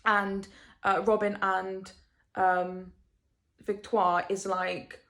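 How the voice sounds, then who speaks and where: A young woman talks straight to her camera at home, reacting to a book she just finished. She rambles, circles back, and tosses out rhetorical questions, her voice sitting at an ordinary middle pitch and catching with feeling. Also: flat delivery, extremely slow, a bit bright. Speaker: book vlogger. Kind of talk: casual rambling book review.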